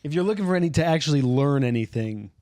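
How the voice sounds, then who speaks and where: A man's voice: on the high side, lively intonation, fast talker, warm tone, no room sound. A man co-hosting a casual podcast, tossing out dry, teasing jabs. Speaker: podcast co-host. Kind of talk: casual chat.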